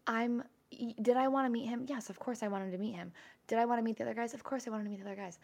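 A woman's voice: on the high side, rapid-fire, gravelly, a little mellow. A young woman co-hosting a podcast, chatting casually and telling a story with lots of swearing. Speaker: podcast co-host. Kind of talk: casual chat.

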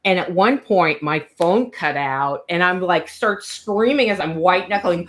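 A woman chats as a podcast co-host, her voice sitting low. She tells her stories in an animated, gushing rush. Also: measured pace, hardly any pauses. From New York. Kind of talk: casual chat.

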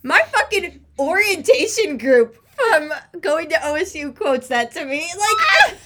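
Bright-voiced young woman telling stories. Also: very high voice, a little slow. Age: young adult. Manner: animated storyteller, laughing often. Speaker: guest. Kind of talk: casual chat.

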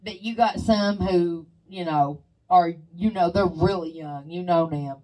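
A woman's voice: on the low side, measured pace, dark tone, far from the mic, poor audio. Woman co-host, profane, storytelling, sits back from the mic. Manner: swearing, storytelling with mimicked voices. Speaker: podcast co-host. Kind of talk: casual chat.

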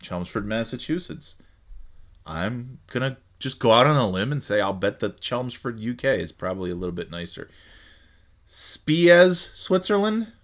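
A man's voice: on the low side, moderate pace, a bit bright. A man hosting a solo podcast from home, chatting casually in a rambling, jokey, self-mocking way. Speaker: podcast host.

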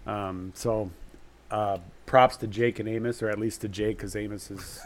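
Brief: male co-host, fairly low voice, wry delivery. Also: steady tone, normal speed, background noise. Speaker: podcast co-host. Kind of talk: casual chat while tasting food.

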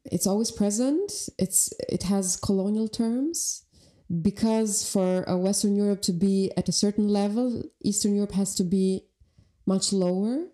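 A woman's voice: medium pitch, unhurried, mellow. A woman from Albania, a podcast guest talking reflectively and thinking aloud. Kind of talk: conversational interview.

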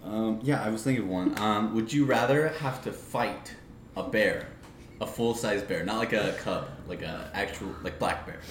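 A man's voice: fairly low pitch, normal speed, a little hiss or hum. A man co-hosting a podcast in casual chat, rambling and giggly, often acting out little quotes. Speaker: podcast co-host. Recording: roomy echo.

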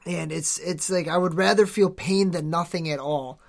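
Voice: mid-range voice, moderate pace, gravelly. A podcast host preaching informally in an earnest, exhorting way, rambling with many restarts and self-corrections. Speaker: podcast host giving a devotional.

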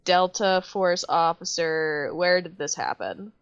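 A young adult woman co-hosting a podcast, telling an animated story with swearing and lots of fillers. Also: lowish voice, takes it slowly, smooth, dry recording, dull audio. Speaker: podcast co-host. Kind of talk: casual chat.

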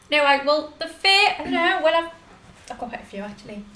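A woman's voice: high-pitched, very animated, normal speed, bright, forceful tone, reverberant. A young woman hosting a podcast, telling a story in a loose, rambling way with many fillers and restarts. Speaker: podcast host. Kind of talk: casual storytelling chat.

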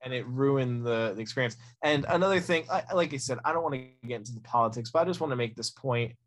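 A man co-hosting a podcast who speaks at a mid-range pitch. He is blunt and emphatic in casual chat and often starts his points with "listen.". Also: fast talker. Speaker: podcast co-host.

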